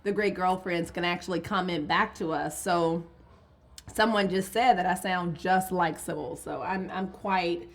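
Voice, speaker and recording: A woman's voice: fairly low pitch, unhurried. A woman, co-hosting a podcast with playful, mock-indignant retorts, in an office. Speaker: podcast co-host. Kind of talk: casual chat.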